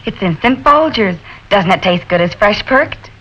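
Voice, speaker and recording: An actress playing an eager-to-please 1960s housewife in an old coffee commercial. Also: female voice, mid-range voice, animated, moderate pace, breathy edge, highs cut off. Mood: earnest.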